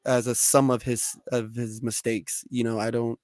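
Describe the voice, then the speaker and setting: A man's voice: mid-range voice, normal speed, no room sound. A young man chats on a podcast, full of energy as he tells stories and swears freely. His voice sits in a middle range. It is recorded close and dry, with little room sound. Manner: animated storyteller, swears freely. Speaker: podcast co-host. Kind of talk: casual chat.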